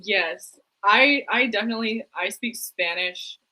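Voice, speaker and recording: A young woman co-hosting a live stream, chatting casually about theater news, full of "like" and quick laughs. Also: medium pitch, bright, forceful tone, poor audio. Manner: chatty, lots of "like", laughs easily. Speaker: co-host.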